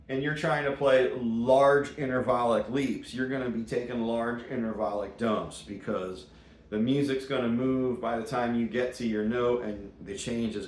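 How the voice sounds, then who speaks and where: A man teaching jazz guitar in a casual, chatty way, full of puns and playful asides. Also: mid-range voice. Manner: playful, punny, chatty asides between examples. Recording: roomy sound with loud guitar playing.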